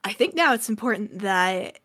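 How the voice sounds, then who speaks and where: A woman running a tabletop game, chatting casually with her players, enthusiastic and full of halting restarts. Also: mid-range voice, animated, fairly bright tone, no echo. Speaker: game master.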